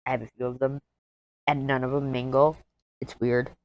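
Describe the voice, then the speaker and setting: A woman's voice: a bass voice, level tone, normal speed, lo-fi sound. A woman in her thirties chatting casually as a crafting vlogger while she works, rambling, easily sidetracked, candid and jokey. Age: 30s. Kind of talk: casual chat while diamond painting.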